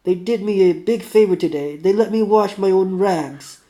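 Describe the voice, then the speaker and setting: A man doing a gruff Russian-accented sick worker. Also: high voice, normal speed, warm tone, pitched above the performer's own voice. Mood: bitter. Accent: put-on Russian accent. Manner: snappish, raised, belligerent. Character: gruff sick male metalworker under forty, bitter.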